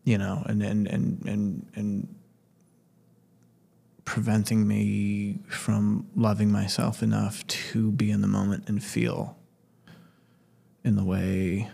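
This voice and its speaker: Male co-host, low husky voice, flat and slow, halting reflective talk. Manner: halting, searching, repeats words. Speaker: podcast co-host.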